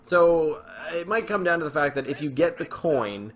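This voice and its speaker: Gaming host, male, mid-range voice, chatty and rambling with sudden excited bursts, casual play-along commentary. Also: fairly high pitch, fairly quick, soft background music. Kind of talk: casual commentary while playing a card game. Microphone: desk microphone with webcam.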